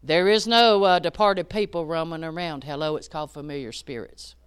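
A woman preaching a sermon, rising to loud emphatic peaks and dropping to hushed asides. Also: low voice, normal speed, smooth.

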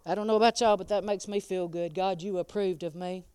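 A woman's voice: fairly low pitch, fairly even intonation, fairly quick, dark tone, clear, resonant tone, dry recording. A woman preaching a sermon, laughing often and calling out listeners by name.

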